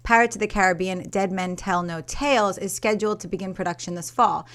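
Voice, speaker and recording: A woman's voice: medium pitch, a little fast, a bit bright. A woman hosting a movie news show, reading the stories in an upbeat presenting style. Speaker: host.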